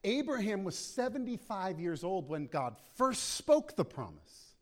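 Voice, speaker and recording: A man's voice: sits high, big pitch swings, unhurried. A man preaching a sermon with passion, acting out prayers aloud as he speaks. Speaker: pastor.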